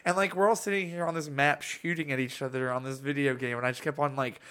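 Bright-voiced young man telling stories. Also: medium pitch, fast talker, smooth. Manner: rambling, animated storytelling with profanity and laughter. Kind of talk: casual chat.

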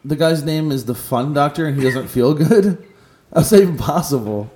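A man co-hosting a casual talk show, incredulous and swearing, with loud laughs. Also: a little high, moderate pace. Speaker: podcast co-host. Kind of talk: casual banter. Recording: roomy echo with faint noise.

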